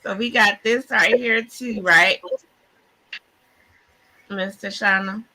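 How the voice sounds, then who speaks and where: A woman hosting a podcast live online, talking in an excited, churchy, casual way, often laughing and saying y'all. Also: medium pitch, takes it slowly. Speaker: podcast host. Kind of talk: casual live-stream chat.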